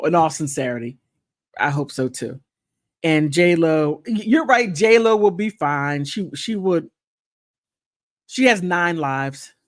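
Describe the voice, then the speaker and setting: A woman hosting a casual livestream, chatting playfully and thanking viewers, with high laughs and quiet, sincere asides. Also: no room sound, clean studio sound. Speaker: content creator hosting a livestream. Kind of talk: casual livestream chat reacting to gossip and viewer comments.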